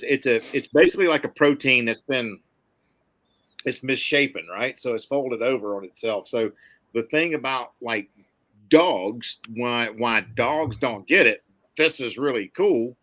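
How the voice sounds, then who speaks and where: A man from Mississippi with a Southern accent, hosting a podcast in casual, folksy, excitable chat. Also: medium pitch, no room sound. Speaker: podcast host.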